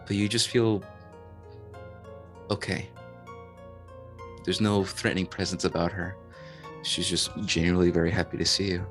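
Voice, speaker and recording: Game-master man, deep voice, slow descriptive narration, soft music bed. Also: creaky.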